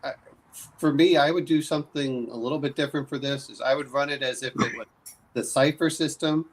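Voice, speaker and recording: A man's voice: medium pitch, steady tone, a little fast, low-quality recording. A man in casual chat about tabletop games, talking in a joking, tongue-in-cheek way. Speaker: podcast panelist.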